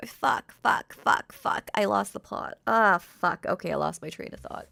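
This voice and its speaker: A woman's voice: medium pitch, lively intonation, unhurried, vocal fry, few pauses, pushed and bright, no echo, whispered. A woman voice actor giving casual behind-the-scenes comments, frank and self-mocking, swearing a lot.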